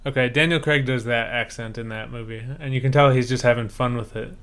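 A man's voice: medium pitch, steady tone, brisk, a bit bright, smooth. A man co-hosting a podcast in casual chat, making wry, incredulous remarks. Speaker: podcast co-host.

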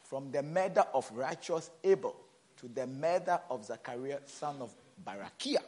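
A man preaching a sermon as pastor, swinging between shouted emphasis and soft low asides, repeating words and asking the congregation questions. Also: animated, normal speed.

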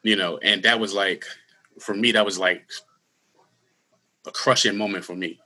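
A man in his thirties telling his personal story in an interview, earnest and candid, with halting restarts. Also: fairly low pitch, fairly even intonation, bright, forceful tone. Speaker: guest; school security worker.

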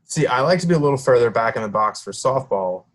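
A man co-hosting a podcast in casual chat, with dry jokes, swearing and quick quips. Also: mid-range voice, animated. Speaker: podcast co-host.

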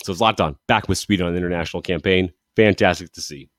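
A man's voice: low-pitched, fast, dry recording, clean studio sound. A man hosting a football show, talking through results with eager, rambling enthusiasm and frequent restarts. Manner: enthusiastic, rambling, self-correcting. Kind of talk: casual sports commentary monologue.

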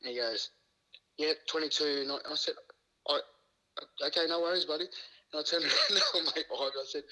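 Very bright-voiced Australian man, laughing storyteller. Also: normal speed, long pauses, low-quality recording. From Queensland, Australia. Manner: laughs often, acts out quoted lines with rising pitch. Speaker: guest, former rugby league player. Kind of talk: casual storytelling.

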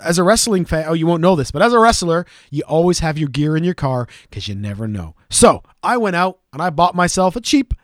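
A man with a fairly high voice holds court on a podcast, spinning loose, profanity-laced stories. The recording is dry and close, with no room sound around him. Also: big pitch swings, brisk, few pauses, no echo. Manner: profane, storytelling banter. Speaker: podcast co-host. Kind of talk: casual podcast chat.

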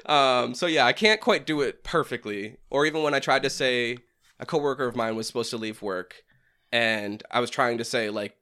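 A man's voice: medium pitch, normal speed, sharp tone, clean tone. A young man from New Hampshire with a New England accent, chatting casually and laughing at himself. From New Hampshire, USA. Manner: rambling, laughs often, self-mocking. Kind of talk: casual chat.

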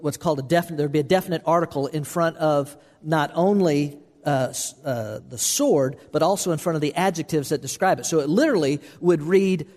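Male pastor preaching, earnest, slightly high voice, long reverb in a big hall. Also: a little mellow. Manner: earnest, repetitive, restarts phrases for emphasis. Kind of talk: sermon.

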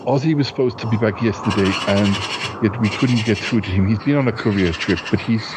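A man's voice: on the low side, brisk, close to an everyday voice. A man voicing a sheepish, hairy male yeti uncle who keeps birds; he stammers and hesitates a lot. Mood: apologetic. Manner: hesitant, fumbling, fake quacking. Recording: loud background noise.

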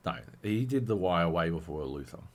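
Sweary, animated man on a podcast. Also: low-pitched, normal speed. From Australia. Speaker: podcast co-host. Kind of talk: casual chat.

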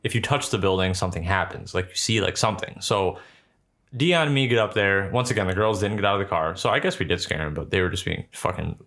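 A man's voice: sits low, fast, a bit bright. Young man telling a rambling story. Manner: rambling, profane, heavy filler words. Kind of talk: casual storytelling chat.

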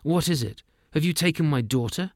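A man voicing a stern, hot-tempered king in a storybook reading, raising his voice high and loud. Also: animated, no echo, studio quality. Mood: alarmed. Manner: loud and commanding, quick to anger.

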